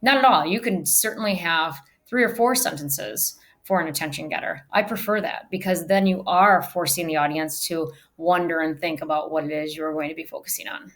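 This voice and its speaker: Speaking at a normal speed with few pauses, this woman has a deep yet fairly bright voice. She teaches speech and is giving a recorded online lecture on public speaking, emphatically changing her delivery to demonstrate proper technique.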